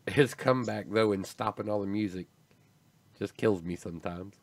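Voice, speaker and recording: A man's voice: on the low side, moderate pace, a little hiss or hum. A man hosting a livestream, chatting casually in a rambling, laid-back way that often trails off. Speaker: stream host.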